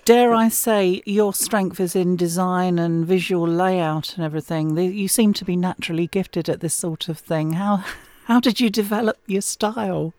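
Mellow-voiced woman hosting an interview. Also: on the low side, normal speed, few pauses, dry recording. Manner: inquisitive and complimentary. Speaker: podcast host. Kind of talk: interviewing a guest.

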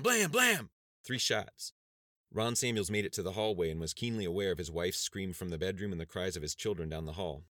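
A man reads an audiobook chapter in a steady, measured way. His voice is very low and deep. The recording is dry, with no room sound. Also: no echo. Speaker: audiobook narrator. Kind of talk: scripted narration.

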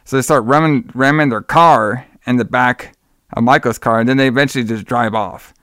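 A man co-hosting a horror-movie podcast recaps plot points in a loose, rambling way, laughing and swearing as he goes. His voice is smooth and clear. The recording is dry and close to the mic. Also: medium pitch, moderate pace, a bit bright, no room sound. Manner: rambling, profane, laughs often. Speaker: podcast co-host. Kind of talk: casual movie-review chat.

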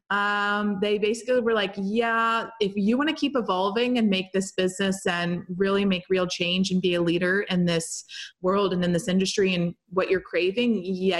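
A woman telling her own story in a casual, animated way, talking with lots of "like" and some swearing. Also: medium pitch. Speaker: spiritual coach.

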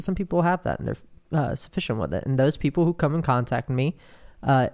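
A man hosting a podcast, talking candidly and haltingly about his own withdrawal pain, with many restarts and fillers. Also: medium pitch, gravelly, darkish tone. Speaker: podcast host. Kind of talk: personal monologue.

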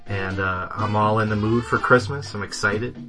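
A man's voice: on the low side, fairly even intonation, moderate pace, over music. A man co-hosting a podcast in casual chat, joking and laughing often. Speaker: podcast co-host.

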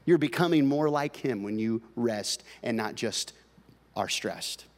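A middle-aged male pastor preaching a sermon in an animated way, cracking jokes, swinging from loud bursts to quiet asides. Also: mid-range voice, unhurried, in a large hall.

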